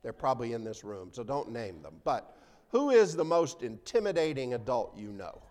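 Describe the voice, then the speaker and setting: A man preaching a conversational sermon to a congregation in a church, swinging between loud emphasis and soft asides. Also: medium pitch, sing-song, moderate pace.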